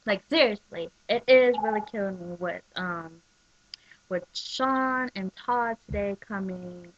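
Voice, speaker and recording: Chatty, excitable woman vlogger, mid-pitched, dull webcam audio. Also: unhurried, dry recording. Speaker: soap opera recap vlogger. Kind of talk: casual chat.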